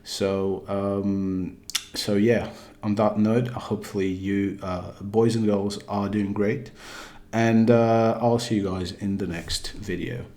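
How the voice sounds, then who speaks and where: A man's voice: lowish voice, little pitch movement, slow pace, mellow. A man doing a put-on British accent, giving a rambling opinion monologue about a game, full of fillers and restarts. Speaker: gaming video creator.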